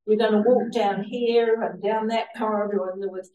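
A woman's voice: medium pitch, fairly even intonation, moderate pace, narrow, tinny audio, a little hiss or hum. A woman sharing a personal faith testimony, telling her story earnestly and laughing now and then. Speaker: church member sharing a testimony. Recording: roomy sound from a distant mic.

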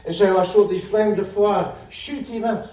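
Heard from a distance in a reverberant room, this pastor has a high, dark voice and a steady tone at normal speed. He gives an impassioned sermon, peppered with hallelujahs and laughs at his own jokes.

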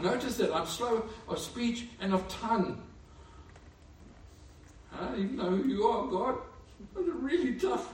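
Animated preacher in an echoey church. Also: male voice, sits high, measured pace. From Africa. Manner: animated storytelling with laughter. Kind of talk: sermon. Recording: echoey room, far from mic.

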